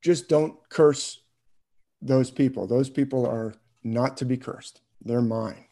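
A man's voice: mid-range voice, slow, dark tone. Man voicing a stern commanding god. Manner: commanding, emphatic. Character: stern male deity giving orders.

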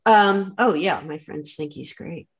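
Older woman guest, low pitch, slow hesitant delivery.

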